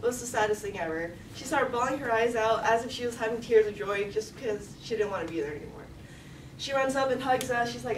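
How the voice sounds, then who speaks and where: A woman's voice: fairly high pitch, expressive, quick pace. A young woman telling a personal story at a live story slam, chatty and full of "like", acting out the quotes. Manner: chatty, lots of "like", acts out quotes. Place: event hall. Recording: roomy, from a distance, noisy.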